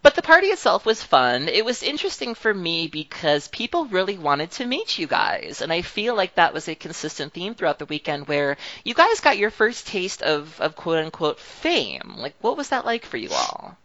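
A woman podcast host chatting casually and retelling stories with lively voices. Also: on the low side, moderate pace, few pauses, no room sound, lo-fi sound. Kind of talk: casual chat.

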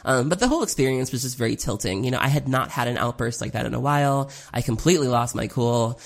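Speaking fast and expressively in a gravelly, fry-edged mid-pitched voice, a competitive card game player gives a loose, unscripted recap of a long tournament. Frequent "um"s, occasional swearing and repeated self-blame run through it.

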